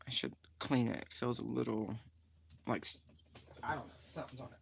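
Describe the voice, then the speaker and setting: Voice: medium pitch, fairly even intonation, fairly quick, gravelly, a little hiss or hum. A tarot reader giving a casual spiritual card reading to viewers, chatty and direct, with lots of fillers, calling the listener honey while showing a stone to the camera.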